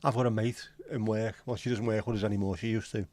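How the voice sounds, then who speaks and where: A man's voice: lowish voice, fairly even intonation, fast talker, darkish tone, dry recording. Man casually chatting with live-stream viewers. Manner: friendly, teasing banter with viewers. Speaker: livestream host. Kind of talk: casual chat reading out viewer comments.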